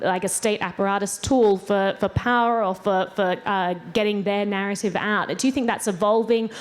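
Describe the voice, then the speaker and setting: A woman moderating a conference panel, speaking articulately at length before putting questions to the panelists. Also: mid-range voice. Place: conference stage.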